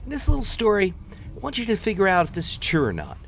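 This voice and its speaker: A man's voice: high-pitched, wildly swooping pitch, fast talker, creaky, a bit bright, slight background noise. A man in his thirties from the New York area talks over his gameplay like he's chatting with friends. He rambles, teases his viewers and lets his voice swing widely up and down as he tells a story. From New York area, United States. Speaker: gameplay commentator.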